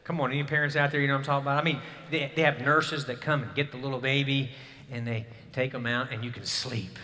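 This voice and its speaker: A man's voice: medium pitch, steady tone, quick pace, sharp tone. A man in his thirties preaching a sermon, telling a personal story in an earnest way and rising to emphatic bursts. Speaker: pastor. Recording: hall reverb.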